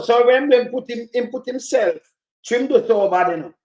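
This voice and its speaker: A man with a Jamaican accent giving loose, animated reaction commentary on a clip, rambling and swearing as he goes. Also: very high-pitched, moderate pace. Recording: roomy echo.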